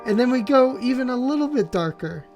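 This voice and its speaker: A man's voice: extremely high pitch, expressive, fairly quick. A man hosting a piano channel, walking through music theory with enthusiasm and often checking in with "right?". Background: faint piano playing.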